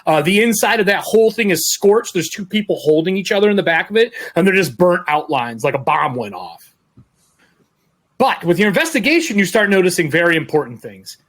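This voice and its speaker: A man's voice: high voice, a bit bright. A man running a tabletop game as game master, describing scenes in a loose, rambling way. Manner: descriptive, loose, with fillers and restarts.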